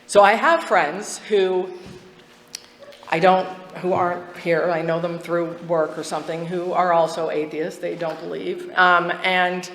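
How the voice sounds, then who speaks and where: A woman's voice: on the low side, fairly even intonation, measured pace, a bit bright. A woman speaking at a recovery meeting, sharing her story candidly with frequent laughs. Her voice rings through a large, echoey hall with long reverb. A faint hum of background noise sits underneath her. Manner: candid, chatty, laughs often, restarts sentences. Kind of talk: personal testimony at a twelve-step meeting.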